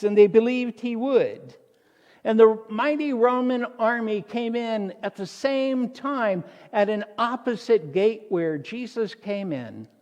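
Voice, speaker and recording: Slow-speaking, high-voiced male pastor. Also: a little mellow, long reverb tail. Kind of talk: sermon. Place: church.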